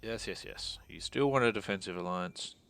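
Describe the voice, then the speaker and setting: A man's voice: fairly low pitch, moderate pace, gravelly, a bit bright, slight background noise. A man thinking aloud as he plays a strategy game, muttering and mocking his own mistakes. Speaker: gaming channel host.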